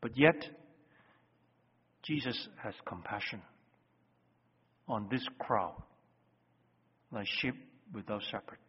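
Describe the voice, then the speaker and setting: A man preaching a sermon as pastor, emphatic, with loud stresses that drop to hushed phrases. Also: fairly low pitch, expressive, takes it slowly, long pauses, husky. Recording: dull lo-fi sound with long hall reverb.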